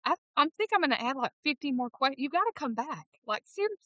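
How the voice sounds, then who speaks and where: A woman with a Southern accent and a bright, ringing voice, talking with high energy and lots of emphasis. She sounds fifty-ish and conducts an interview. The sound is dry and close. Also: big pitch swings, no echo. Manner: exuberant, emphatic, quick to laugh. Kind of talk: enthusiastic interview chat.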